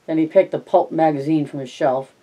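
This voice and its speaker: A man reads a novel aloud at an unhurried pace, now and then catching and fixing a word. His voice is dark and mellow, in a plain home-reading style. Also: fairly high pitch, fairly even intonation, distant mic, poor audio. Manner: unhurried, with small self-corrections. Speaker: reader.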